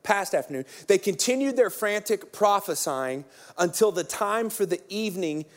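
High-voiced, joking man preaching. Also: normal speed. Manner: energetic, joking, trash-talking storyteller. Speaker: pastor. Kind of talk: sermon.

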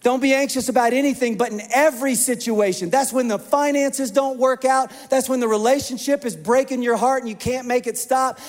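A man preaching a sermon as pastor, an animated storyteller who acts out the quoted voices. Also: extremely high pitch. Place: church hall. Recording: long hall reverb.

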